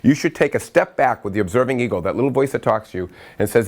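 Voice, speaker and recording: Fast-talking man telling stories. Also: medium pitch. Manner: animated anecdotal storytelling, acts out quotes. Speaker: speaker at a staff training. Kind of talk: motivational talk.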